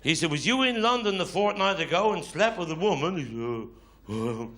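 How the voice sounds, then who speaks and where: Bright Cornish man telling stand-up yarns. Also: high-pitched, expressive, brisk, a little hiss or hum. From Cornwall. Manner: broad dialect storytelling, mock-grumbling quoted voices. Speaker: stand-up comedian. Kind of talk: live stand-up storytelling. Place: live stage before an audience. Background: audience laughter.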